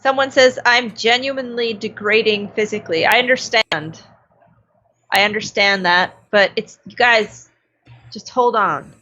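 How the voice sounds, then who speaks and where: A woman's voice: mid-range voice, unhurried, pushed and bright, dull audio. A woman co-hosting a casual live-stream podcast, talking in a fretful, chatty, self-deprecating way. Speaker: podcast co-host.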